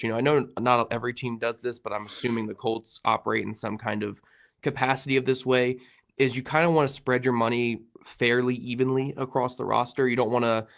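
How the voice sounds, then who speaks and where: A man hosting a sports podcast, talking casually with a nasal, congested voice from a cold. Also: medium pitch. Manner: gravelly, conversational with frequent fillers. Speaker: podcast host.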